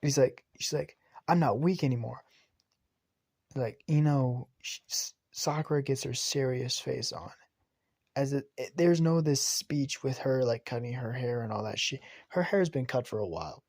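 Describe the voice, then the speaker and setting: A man casually retelling an anime fan story, rambling and excitable, swearing and restarting often. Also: mid-range voice, moderate pace, no echo, clean studio sound.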